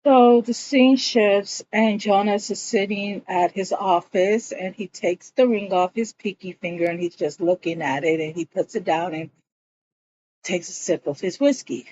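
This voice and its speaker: A woman's voice: medium pitch, measured pace, darkish tone, dull audio, a little hiss or hum. A woman casually recapping a TV episode, telling the story in a chatty way and slipping into the characters' quoted lines as she goes.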